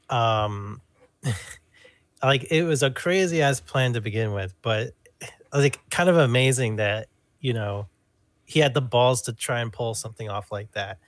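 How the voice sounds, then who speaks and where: A man's voice: medium pitch, a little slow, no room sound. A man in a casual podcast chat with a mid-range voice, recorded dry and close. He talks things through hesitantly, with plenty of fillers and puzzled questions. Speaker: podcast co-host.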